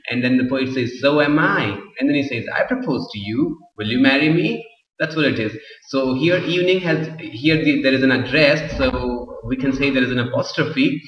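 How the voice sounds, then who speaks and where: A man teaching an English literature class, explaining slowly and often repeating himself. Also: mid-range voice. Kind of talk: classroom lecture. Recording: roomy echo, far from the mic, dull lo-fi sound.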